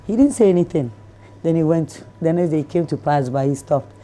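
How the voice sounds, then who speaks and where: A Ghanaian woman, an interview guest, telling a story in a lively way and acting out the lines of the people in it. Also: deep voice, a little fast. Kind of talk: animated storytelling in conversation.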